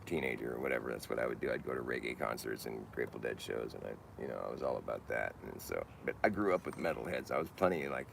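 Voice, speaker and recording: A man's voice: extremely low pitch, fast, gravelly, hardly any pauses, slight background noise. A man talking in a loose, rambling monologue, often restarting his sentences and laughing at himself.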